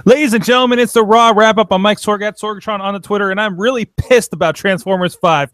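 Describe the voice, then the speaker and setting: A man's voice: high-pitched, fast talker, a bit bright, dry recording, studio quality. A man hosting a wrestling recap podcast, opening the show with a hyped announcer-style intro. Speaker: podcast host.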